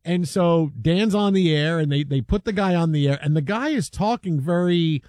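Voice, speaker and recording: A man hosting a sports talk show who tells a story in a lively, casual way, slipping into the voices of the people he quotes. His voice sits fairly high for a man. The sound is dry and close. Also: normal speed, no room sound. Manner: animated, acts out quotes.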